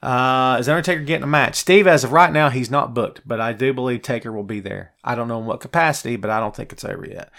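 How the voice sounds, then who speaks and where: A man's voice: mid-range voice, fast, gravelly, hardly any pauses, fairly bright tone. Chatty man hosting a wrestling show. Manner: chatty and opinionated, addresses viewers by name. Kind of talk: live show answering viewer chat.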